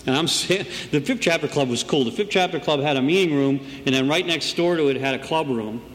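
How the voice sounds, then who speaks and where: A middle-aged man with a slightly high, fairly bright voice talks fast-ish to a meeting about how he got sober. His delivery is casual and conversational, dotted with "right?" He sounds reverberant in the room, with a faint hum underneath.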